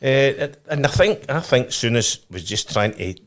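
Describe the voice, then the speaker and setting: A Scottish man, a former footballer, telling animated anecdotes as a podcast guest. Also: medium pitch, normal speed. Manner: animated storyteller, restarts often. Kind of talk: casual chat, telling anecdotes.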